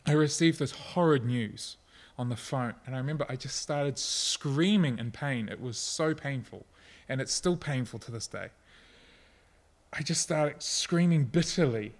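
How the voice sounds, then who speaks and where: A middle-aged man preaching a sermon, earnest and personal, at times soft and reflective. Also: on the high side, normal speed. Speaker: pastor.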